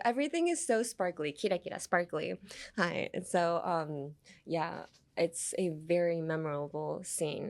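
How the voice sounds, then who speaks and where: A young woman hosting a podcast, chatting casually as she explains English phrases from anime and switching between English and Japanese with frequent laughs. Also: medium pitch. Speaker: podcast host teaching English through anime lines. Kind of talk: casual bilingual teaching chat.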